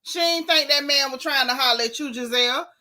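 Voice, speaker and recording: A middle-aged woman, casually recapping reality TV in an animated, sassy way. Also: sits high. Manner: animated, sassy, exclaiming, drawn-out emphasis. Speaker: show recap host.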